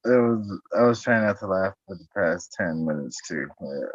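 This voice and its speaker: A man's voice: deep voice, expressive, normal speed, slightly rough, dry recording, muffled recording. A man in casual podcast chat, goofy and joking, swearing freely.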